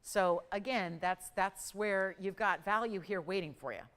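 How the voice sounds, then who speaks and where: A woman's voice: medium pitch, fairly bright tone, big-room sound. Upbeat woman calling auction bids. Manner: brisk, upbeat sales talk, calling out bids. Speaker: live shopping auction host. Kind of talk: live TV shopping auction patter.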